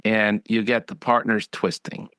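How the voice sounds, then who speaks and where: A man's voice: on the low side, little pitch movement, measured pace, fairly bright tone, no room sound. A man who is a physician, hosting a podcast and chatting bluntly, acting out other voices when he tells stories. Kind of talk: casual interview chat.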